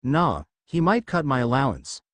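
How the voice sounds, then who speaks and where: A man's voice: mid-range voice, sing-song, moderate pace, a bit bright, no echo. A man voicing a mischievous young ninja in his own voice, carefree and prankish. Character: cheerful mischievous boy ninja.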